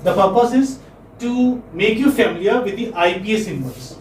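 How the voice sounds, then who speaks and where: Man, teacher, high voice, classroom lecture, repeats words, echoey room, far from mic. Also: normal speed, darkish tone, slight background noise. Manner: repeats words, asks checking questions.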